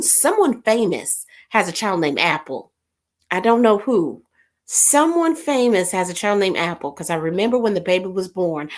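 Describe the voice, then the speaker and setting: Woman, livestream host, casual chat, lively pitch, laughs a lot. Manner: animated, laughing, puzzling over names aloud. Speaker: livestream host reading viewer comments.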